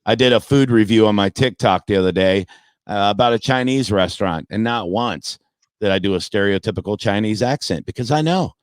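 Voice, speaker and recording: A man's voice: lowish voice, fairly quick, no room sound. A man who works as a comedian, talking sports casually in a brash, profane way and mocking his critics. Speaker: comedian and podcast guest.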